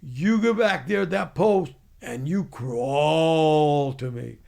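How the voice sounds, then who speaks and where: A man's voice: sits high, slow pace, vocal fry, a little mellow, voice pushed up, full character voice. A man putting on a barking Southern drill sergeant. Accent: American Southern. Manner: barking, calling the listener son. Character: gruff older male Southern drill sergeant.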